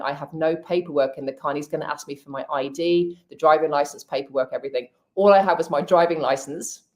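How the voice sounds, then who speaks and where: A woman guest, telling a personal story in casual chat, animated and expressive with quick restarts. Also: on the low side. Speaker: guest speaker.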